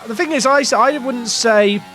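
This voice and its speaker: A man's voice: very high voice, moderate pace, pushed and bright. An English man, a gaming streamer, talking through his racing-management game to chat in a rambling, self-questioning way, with the odd swear word. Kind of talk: casual game commentary to chat.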